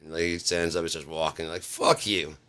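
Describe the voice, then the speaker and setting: A man's voice: monotone, quick pace, a bit bright. A man hosting a casual vlog, telling a long rambling story full of swearing and restarts. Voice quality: very deep gravelly voice. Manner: rambling, profane, restarts often. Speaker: vlog host.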